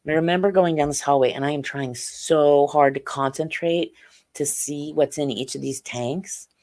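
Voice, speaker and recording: Slow, halting middle-aged woman recounting. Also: low-pitched, darkish tone. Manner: slow, halting recounting with many fillers and restarts. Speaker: guest. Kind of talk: personal storytelling in an interview.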